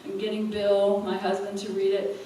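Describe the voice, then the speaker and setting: A woman speaker telling an animated story to a live audience and laughing often as she goes. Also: mid-range voice, normal speed. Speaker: spiritual teacher and speaker. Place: event hall. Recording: echoey hall, from far off, faint room noise.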